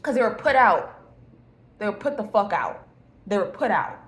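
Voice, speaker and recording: A woman's voice: mid-range voice, sing-song, moderate pace, fairly bright tone. A woman giving a casual tarot reading to viewers, talking bluntly and swearing freely. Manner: blunt, profane and emphatic. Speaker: tarot reader. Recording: echoey room with faint noise.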